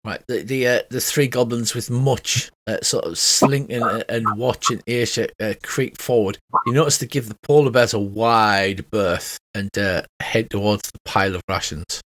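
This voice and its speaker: A man, narrating a tabletop game as game master in a relaxed, rambling way. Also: lowish voice, normal speed, hardly any pauses. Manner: rambling, relaxed, with many fillers.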